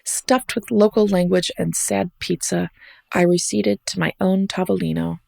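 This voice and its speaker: A woman's voice: on the low side, fairly even intonation, moderate pace, gravelly, darkish tone, no echo. A woman hosting a podcast, reading her own personal travel essay aloud in a wry, reflective way with an American accent. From United States. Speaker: podcast host and essay narrator.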